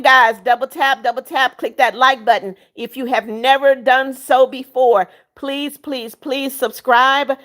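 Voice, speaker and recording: A woman in her seventies hosts a livestream, reading chat comments aloud, begging for likes and subscribes and bluntly scolding rude viewers. Her voice is a little high and a bit bright.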